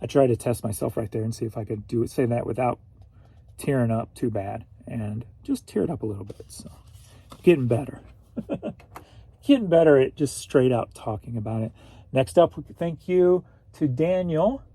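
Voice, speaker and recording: A man's voice: mid-range voice, animated, normal speed, dark tone, breathy edge, no echo. A man from St. Louis, Missouri, rambling through a casual solo reseller vlog, chatty and at times emotional. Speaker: reseller vlogger.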